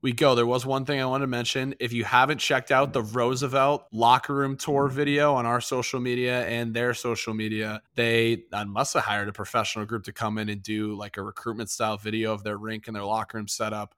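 A man's voice: medium pitch, fairly bright tone, clear, resonant tone, no echo, clean studio sound. A man from New England hosting a hockey podcast in a casual, rambling chat full of fillers. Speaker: podcast host.

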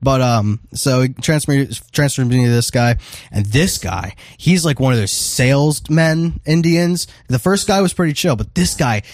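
A man hosting a podcast tells a rambling, profane story in casual chat. His mid-range voice has lively intonation, a moderate pace, and a slightly mellow tone, in clean studio sound with no echo.

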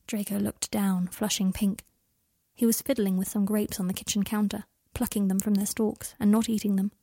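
Husky woman narrating quietly. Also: mid-range voice, flat delivery, moderate pace, dry recording, clean studio sound. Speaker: audiobook narrator. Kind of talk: fan fiction audiobook reading.

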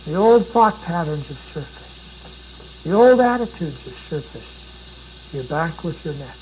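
A man's voice: a little high, sing-song, slow pace, noisy background. A man preaching a sermon, dramatic and pleading, with repeated rhetorical questions.

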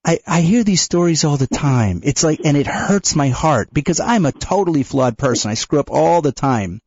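A man co-hosting a radio talk show, telling a personal story in a halting way, with restarts and nervous laughs. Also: a little high, expressive, a little mellow, breathy edge, no room sound, highs cut off. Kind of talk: conversational storytelling.

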